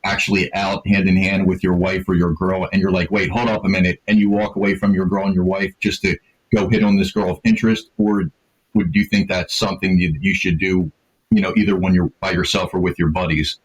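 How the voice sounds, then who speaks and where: A man's voice: low voice, little pitch movement, a little fast, breathy edge, lo-fi sound. A man hosting an interview, asking long rambling questions and dropping short agreements. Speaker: interview host.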